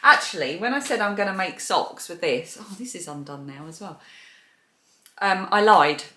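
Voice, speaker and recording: A woman's voice: on the low side, expressive, moderate pace, pushed and bright. A woman hosting a crochet and knitting podcast. She chats casually while showing yarn and laughs at her own poor memory. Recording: echoey room.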